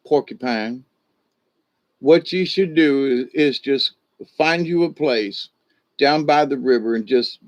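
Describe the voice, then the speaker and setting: An old, wise turtle gives slow, calm advice, as a man puts him on for a storybook tale. The recording is dull and lo-fi. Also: medium pitch, lightly acted. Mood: advising.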